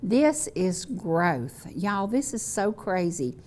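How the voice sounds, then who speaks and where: A woman's voice: mid-range voice, very animated, takes it slowly, a little mellow. A middle-aged woman with a Southern US accent, hosting a local talk show in a folksy, chatty way, speaking to the camera. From North Georgia, US. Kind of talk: casual chat to camera. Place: local TV studio set.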